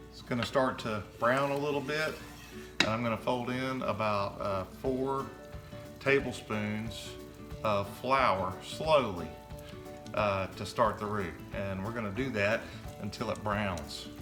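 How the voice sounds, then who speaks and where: A man narrating his home cooking in a relaxed, chatty way, with many fillers. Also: lowish voice, slow, over music. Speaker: home cook.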